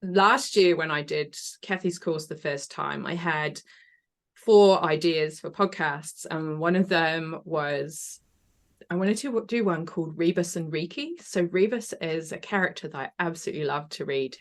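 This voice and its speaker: Chatty woman with a lowish voice. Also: measured pace. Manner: chatty, enthusiastic, laughs often. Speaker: podcast guest. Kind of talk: casual interview chat.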